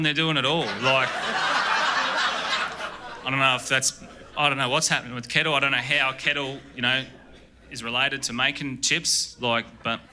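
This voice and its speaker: An Australian man doing a stand-up comedy set in a club, rambling and deadpan, often breaking off mid-sentence. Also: mid-range voice. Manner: rambling, deadpan, self-interrupting. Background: audience laughter.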